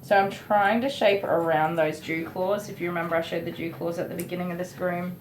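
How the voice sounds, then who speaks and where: A woman's voice: on the low side, steady tone, a little fast. A middle-aged woman, chatting frankly and laughing at herself while grooming a dog. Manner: frank, self-mocking, laughs often. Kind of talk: casual chat while grooming. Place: grooming room. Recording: echoey room, faint noise.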